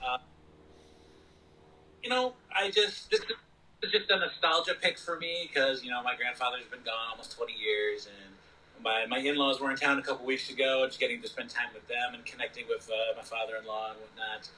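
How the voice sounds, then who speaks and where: Casting note: bright-toned male podcast co-host, loose and rambling, a little distant from the mic. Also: mid-range voice, normal speed, slight background noise. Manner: rambling, many "you know" fillers. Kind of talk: casual movie review chat.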